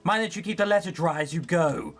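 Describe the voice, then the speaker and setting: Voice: mid-range voice, fairly quick, faint music behind, natural voice. A player reading a visual novel aloud, voicing a harsh, cruel woman cook who scolds and sneers at a servant girl. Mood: scolding.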